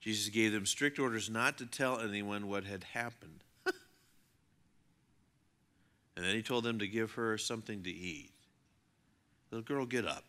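Animated bright-voiced male preacher. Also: lowish voice, measured pace, pauses often. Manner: animated, acts out voices of bystanders and swings from loud to hushed. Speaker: pastor. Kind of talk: sermon.

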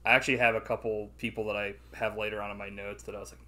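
A man's voice: on the low side, little pitch movement, very fast, pushed and bright. A man co-hosting a casual podcast movie review, talking loosely with lots of swearing and laughter. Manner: loose, profane, laughs often, acts out movie lines. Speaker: podcast co-host.

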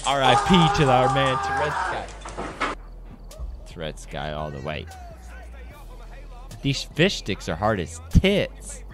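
A man's voice: medium pitch, very animated, slow, pauses often, over music. A man streaming a game from home, chatting casually, cracking crude jokes and laughing often. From United States. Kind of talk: casual gaming stream chat.

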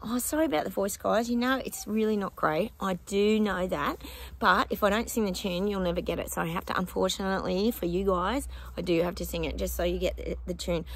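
Speaking briskly at medium pitch, an Australian woman who vlogs as a psychic talks casually and ramblingly to her audience. She films handheld on her phone out in her backyard, and she drifts into snatches of song.

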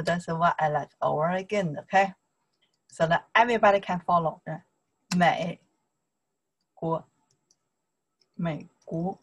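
A woman from China with a Chinese accent, teaching a casual online lesson in chatty broken English and repeating words slowly for learners. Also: on the low side, rough recording.

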